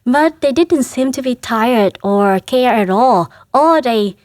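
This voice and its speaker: Slow, earnest woman. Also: fairly high pitch, animated, no room sound, clean studio sound. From Vietnam. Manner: halting, earnest, laughs softly between phrases. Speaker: Catholic sister, interview guest. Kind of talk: casual interview.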